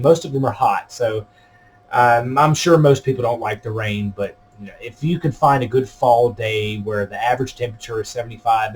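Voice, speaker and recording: A man's voice: mid-range voice, a little mellow, slight background noise. A man in his thirties vlogging in a casual, rambling way, with plenty of fillers and restarts. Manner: rambling, easygoing, many fillers. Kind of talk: casual chat to camera.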